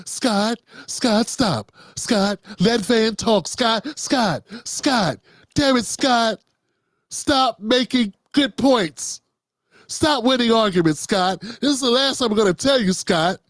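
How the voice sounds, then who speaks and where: A man's voice: very high-pitched, takes it slowly, a bit bright, dry recording, clean studio sound, full character voice. A man doing an impression of an exasperated woman news anchor who keeps scolding a panelist by name, over and over.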